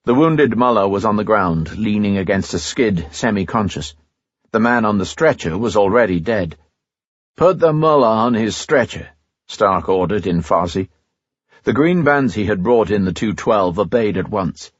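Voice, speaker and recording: A man reading a novel aloud as an audiobook narrator in a steady, even way. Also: lowish voice, normal speed, breathy edge, no room sound, highs cut off. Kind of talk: scripted narration.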